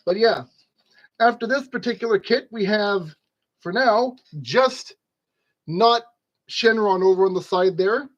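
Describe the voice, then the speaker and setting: A man's voice: sits high, a little slow, long pauses, dull audio. A man narrating a model kit build in a casual, rambling way, scolding his tools and joking at his own expense. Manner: rambling, talks to objects, self-deprecating.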